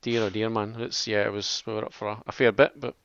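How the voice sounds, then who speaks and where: A man's voice: lowish voice, fairly even intonation, fast, a bit bright, clear, resonant tone, no echo. A Scottish man co-hosting a casual podcast, rambling through stories and laughing easily. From Scotland. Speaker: podcast co-host. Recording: dull lo-fi sound.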